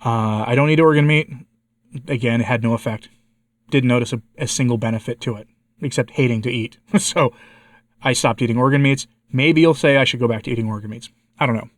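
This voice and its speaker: An American man with a congested and slightly hoarse voice, giving a candid personal update to his viewers and asking them for advice. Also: mid-range voice, fairly quick, no echo, clean studio sound. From United States. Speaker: vlogger, channel host.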